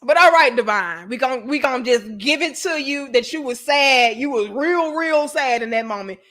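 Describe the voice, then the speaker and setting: A woman's voice: high-pitched, lively intonation, moderate pace, fairly bright tone. A woman hosting a casual commentary show, talking straight to her viewers in a slangy, blunt, teasing way with some swearing. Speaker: host.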